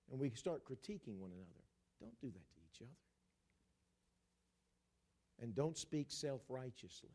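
A man's voice: medium pitch, lively intonation, moderate pace, pauses often, dark tone. A man preaching a sermon, emphatic and repetitive, with a playful streak.

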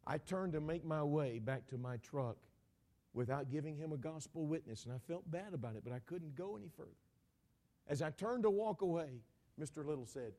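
A man preaching, earnestly telling a story and acting out both sides of a conversation in a quiet way. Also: on the high side, animated, fairly quick. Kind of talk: sermon storytelling.

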